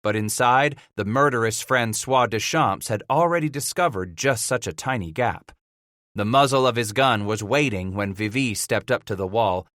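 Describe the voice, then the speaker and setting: Brief: male narrator, bright clear tone, dry close sound, measured delivery. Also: lowish voice, dry recording. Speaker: audiobook narrator. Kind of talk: dramatic audiobook narration.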